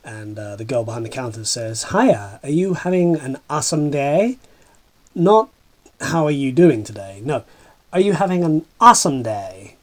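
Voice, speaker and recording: A man's voice: mid-range voice, animated, normal speed, close to an everyday voice. A man acting as a bitter, washed-up male horse celebrity, talking in a sardonic, rambling way with stammering asides. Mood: bitter, wry. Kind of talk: comedic dramatic monologue.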